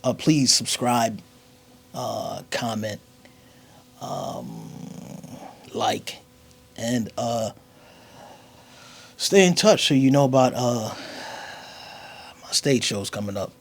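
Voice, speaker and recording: New comedian guy telling a story, gravelly husky voice, pitch all over the place, drops to whispers sometimes. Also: takes it slowly, pauses often. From United States. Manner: animated, slangy, dips into soft whispers. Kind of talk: comic storytelling monologue.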